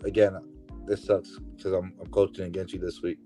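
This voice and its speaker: A man who coaches basketball, joining a casual podcast chat with a halting, joking manner. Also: deep voice, level tone, dark tone, soft background music.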